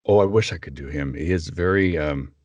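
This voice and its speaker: A man with a naturally very low voice, a voice actor chatting as a guest, sometimes stumbling over his words. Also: a little fast, a little mellow, no echo, lo-fi sound. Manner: stumbles over words when talking off the cuff. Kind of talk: casual podcast conversation.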